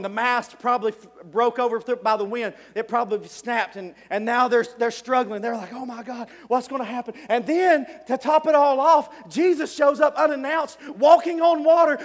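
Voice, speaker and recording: The long reverb of a large hall surrounds a preacher's animated, story-driven sermon, full of sudden shouts and frequent chuckles. For a man, his voice sits very high.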